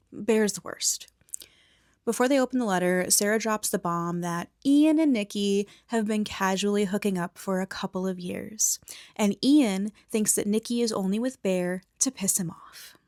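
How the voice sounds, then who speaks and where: A woman recapping a movie in a soft whisper, blunt and opinionated, with some swearing. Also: medium pitch, no room sound, studio quality. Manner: soft unvoiced whisper mixed with quiet speech.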